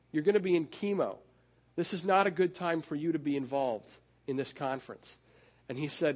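A middle-aged man preaching a sermon in a conversational way, with fillers and restarts, and slowing down to lean on key phrases. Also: fairly high pitch. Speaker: pastor.

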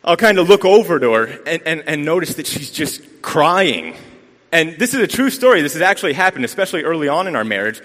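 Guy preaching a sermon, kinda high voice, rambly storyteller w jokes, long church hall echo. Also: sing-song, brisk, fairly bright tone. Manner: rambling storytelling, self-deprecating humor. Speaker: lay preacher. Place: church sanctuary.

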